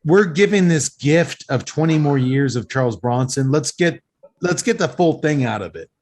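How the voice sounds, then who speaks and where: A man hosting a podcast and recapping an action movie in lively, sweary casual chat, a little tipsy from several beers. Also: a little high, moderate pace. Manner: animated, sweary storytelling recap. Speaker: podcast host recapping a film.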